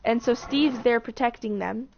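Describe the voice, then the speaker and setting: A woman's voice: on the high side, moderate pace, vocal fry. Chatty young woman recapping a show. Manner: rambling, full of "like" and restarts, breaks into acted quotes. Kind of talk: casual chat. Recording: dull lo-fi recording with faint noise.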